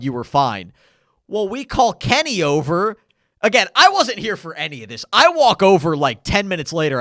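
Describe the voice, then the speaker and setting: A young man with a high, bright, sharp voice that leaps all over the place as he teases and jokes in casual podcast talk. The sound is dry and close-miked. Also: no room sound. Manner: teasing, lively, interjects often. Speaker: podcast co-host. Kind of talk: casual chat.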